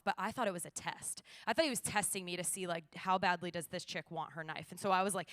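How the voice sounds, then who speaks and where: A young woman giving a morning church devotional, telling a story with lively acted-out dialogue. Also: fairly low pitch, quick pace, few pauses, no echo. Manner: animated storyteller, acts out dialogue.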